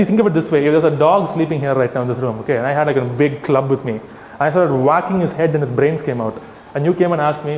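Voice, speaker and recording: Man, animated activist speaker, echoey hall, faint room noise. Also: on the high side. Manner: animated, addresses the audience directly, mocking examples. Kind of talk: lecture to a live audience. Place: hall with an audience.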